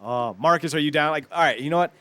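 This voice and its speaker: Podcast co-host, male, slightly high voice, profane and animated storyteller. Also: fast. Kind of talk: casual chat.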